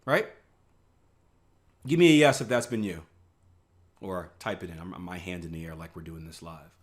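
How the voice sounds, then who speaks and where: A man's voice: low voice, lively intonation, fairly quick. Chatty man teaching a trading class. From Northeast US. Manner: conversational, keeps asking "right?" and acts out panicked traders. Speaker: trading instructor. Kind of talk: live online trading lesson.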